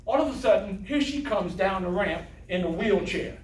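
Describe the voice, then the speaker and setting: A man's voice: high-pitched, lively intonation, moderate pace, roomy sound, far from the mic. An older man giving a motivational talk to adult students, telling stories, joking and acting out voices. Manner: storytelling, plays voices in quotes, jokes with audience. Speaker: motivational speaker.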